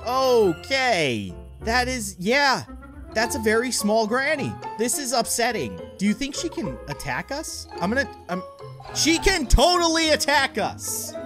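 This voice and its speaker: A gaming YouTuber giving let's play commentary with animated, playfully dramatic reactions. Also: mid-range voice, a little slow, over music.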